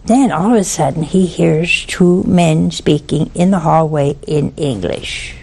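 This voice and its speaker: On a religious broadcast, a woman tells a story in preachy, earnest fashion, stressing her points and repeating lines for effect. Her voice is deep, gravelly and darkish with a breathy edge, and she speaks unhurriedly.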